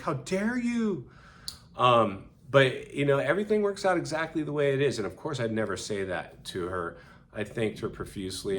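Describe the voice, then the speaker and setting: A man's voice: deep voice, a little hiss or hum. A man sharing a personal story with viewers in an earnest, conversational way, with frequent fillers. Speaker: vlogger.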